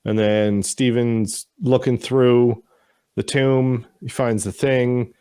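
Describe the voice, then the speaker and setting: A man's voice: mid-range voice, flat delivery, slow pace, mellow, clean tone, dry recording, clean studio sound. A man co-hosting a casual show recap, retelling scenes with mocking voices and casual swearing. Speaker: podcast co-host.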